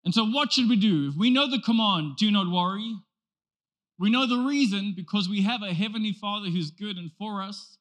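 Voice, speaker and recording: A man's voice: sits high, a little fast, hardly any pauses, fairly bright tone. A male pastor preaching a sermon in an emphatic, rhetorical way, often repeating phrases for effect.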